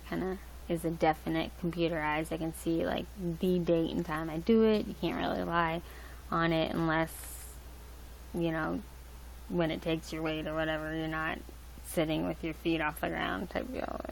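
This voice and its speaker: Young woman livestream host, lowish gravelly voice, rambling casual chat. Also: flat delivery, normal speed, slight background noise, poor audio. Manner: rambling, loose, with many fillers and restarts. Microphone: laptop mic.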